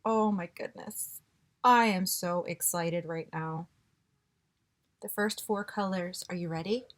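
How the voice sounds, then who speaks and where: A woman vlogger chatting casually through a beauty box unboxing, gushing and excitable with frequent gasps. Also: on the low side, slow. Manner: gushing and excitable, gasping often.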